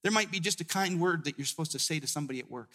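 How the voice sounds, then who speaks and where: A middle-aged man, a guest pastor, preaching a sermon as a personal story, stumbling over restarts and dropping his voice low in tender moments. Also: animated, very fast. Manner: storytelling, many restarts, drops to a hushed tone in emotional moments.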